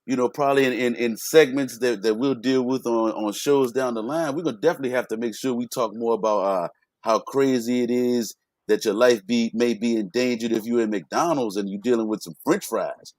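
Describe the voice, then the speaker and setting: A man with an average-pitched voice hosts a casual morning podcast, recorded dry and close. He speaks haltingly, restarting his words, and backs his co-host up with quick yeahs. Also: a little mellow, no echo. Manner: halting, repeats words, short agreeing replies. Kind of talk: casual morning show banter.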